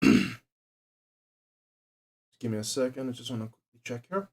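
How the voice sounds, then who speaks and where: A man's voice: medium pitch, wildly swooping pitch, moderate pace, vocal fry. A young man, chatting casually to his live-stream chat while doing a quiz. He swears freely, jokes, and laughs often. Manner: profane, joking, laughs often, talks to chat.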